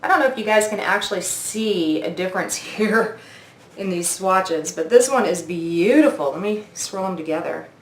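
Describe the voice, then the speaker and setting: A woman's voice: mid-range voice, moderate pace, echoey room, slight background noise. A woman in her forties doing a makeup review vlog, gushing and oohing as she tries products at her mirror. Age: 40s. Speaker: beauty vlogger.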